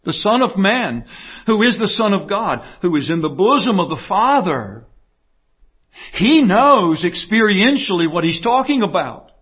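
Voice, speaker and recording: A man preaching a sermon to his congregation, emphatic, moving from quiet, low passages to raised ones. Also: big pitch swings, unhurried, husky. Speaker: pastor. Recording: dull lo-fi sound.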